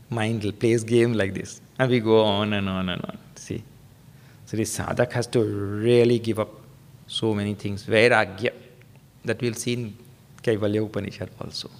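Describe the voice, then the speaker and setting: Gravelly-voiced man giving a humorous sermon. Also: moderate pace. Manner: humorous storytelling with acted quotes; emphatic, rising pitch for stress. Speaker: spiritual teacher.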